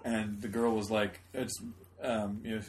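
A man co-hosting a casual podcast chat, talking quickly and steering the conversation. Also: lowish voice, little pitch movement, a little hiss or hum. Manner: quick, chatty, leads the conversation. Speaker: podcast co-host.

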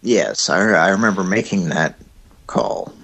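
A man co-hosting a casual comedy chat over a voice call, making absurd deadpan jokes. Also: low voice, measured pace, slightly rough. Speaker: co-host.

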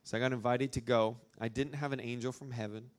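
A medium-pitched male voice, brisk and fairly even in intonation, belongs to a young Arkansan speaking at a church gathering. He rambles informally through a story for a live audience, using plenty of fillers.

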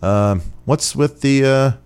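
A man voicing a puzzled male bartender who speaks in a halting, hesitant way. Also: mid-range voice, a little mellow, clear, resonant tone, voice pushed up.

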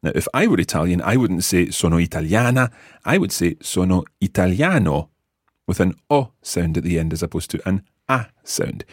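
A man's voice: sits low, animated, a little fast, hardly any pauses, breathy edge, dry recording, clean studio sound. A Scottish man teaching a podcast language lesson, patiently modelling words for learners. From Scotland.

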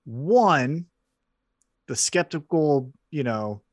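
Man, high voice, podcast co-host, blunt, casual chat, dry sound. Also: drawn-out words, no echo, highs cut off. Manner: blunt, swears, animated storytelling.

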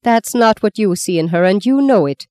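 A woman's voice: medium pitch, lively intonation, moderate pace, dark tone, dry recording, studio quality, pitched above the performer's own voice, close to an everyday voice. A woman voicing a scheming, sardonic old woman who speaks curtly and mockingly. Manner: mocking, curt, taunting.

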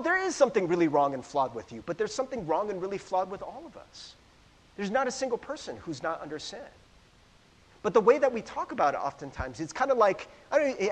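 A man with a high, very lively voice teaches from Scripture in a loose, chatty way, often turning to his listeners for agreement. His voice carries a long reverb, as if from a large hall. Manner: chatty, asks the audience "right?" often, self-deprecating. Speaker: Bible teacher. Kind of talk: casual conversational sermon.

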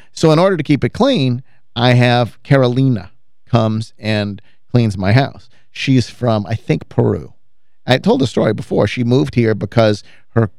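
A man's voice: mid-range voice, vocal fry, a little mellow, clean tone, dry recording, studio quality. A man co-hosting a radio show in casual banter, with a sardonic, self-deprecating way of talking.

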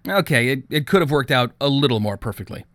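A man reading an audiobook in scripted narration, with a steady, even storytelling manner on a close studio mic. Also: mid-range voice, quick pace, no echo.

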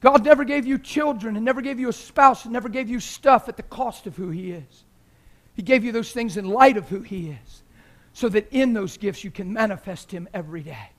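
Preacher guy, really high voice, fired up and pleading with the crowd. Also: brisk. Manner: impassioned, rising to shouts. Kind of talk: sermon.

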